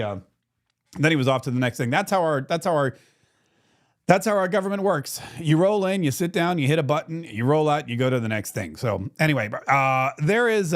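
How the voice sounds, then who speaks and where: A man hosting a political talk show, telling a rambling story in a casual, animated way. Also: a little high. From Florida.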